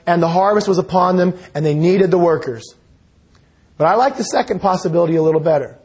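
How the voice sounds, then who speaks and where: A man preaching a sermon, reading scripture aloud and explaining it in an earnest, measured teaching manner. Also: sits high, a little mellow, slightly rough.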